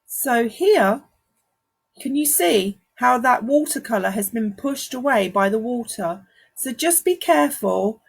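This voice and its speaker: A woman's voice: a little high, lively intonation, a little slow, creaky, breathy edge. A woman with a London accent giving a live watercolour painting lesson, chatting and greeting viewers as she works. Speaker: watercolour art teacher. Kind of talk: live-streamed painting demonstration. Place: art studio.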